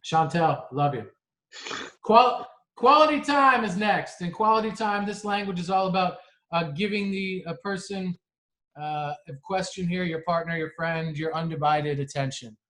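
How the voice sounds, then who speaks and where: A man's voice: high-pitched, normal speed, sharp tone. A man co-hosting a podcast, talking earnestly in casual chat and often restarting his sentences. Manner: earnest, frequent restarts and laughs. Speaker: podcast co-host.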